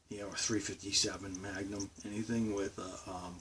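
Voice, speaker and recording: A young man with a thick Boston accent talks casually into his vlog, his very low voice wandering through fillers, restarts and asides. He sits well back from the microphone, and a faint hiss of background noise runs beneath his speech. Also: little pitch movement, fairly bright tone, recorded from a distance. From Boston, Massachusetts. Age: 20s. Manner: rambling, halting, many fillers and restarts. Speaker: vlogger.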